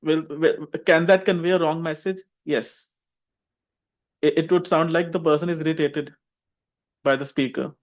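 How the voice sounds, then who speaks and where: A man's voice: a little high, steady tone, normal speed, long pauses. Man teaching English on a call. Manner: models sentences with exaggerated intonation, calls on students. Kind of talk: online class teaching. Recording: dull lo-fi online call audio.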